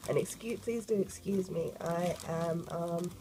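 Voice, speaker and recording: A woman, croaky from a cold, chatting excitedly as she unboxes a sketchbook for an art vlog. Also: on the low side, slow, very noisy. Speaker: art vlogger.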